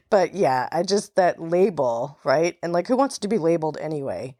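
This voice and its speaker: A woman's voice: sits low, lively intonation, normal speed, warm tone, no room sound, studio quality. A woman from New York with a New York accent, hosting a podcast in a chatty, casual way, with frequent laughs and fillers. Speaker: podcast host. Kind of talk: casual solo podcast talk.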